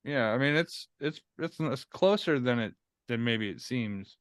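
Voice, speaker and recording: A man's voice: medium pitch, lively intonation, a little slow, clear, resonant tone, dry recording, studio quality. A man playing in a tabletop game and hosting the podcast, chatting casually with restarts and easy swearing. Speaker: player and podcast host. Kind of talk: casual chat among players.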